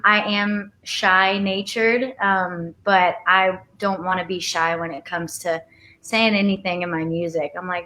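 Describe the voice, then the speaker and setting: A woman in her twenties, a singer, chatting casually on a video call, soft-spoken and rambling with many fillers. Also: fairly low pitch. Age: 20s. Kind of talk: casual live-stream chat.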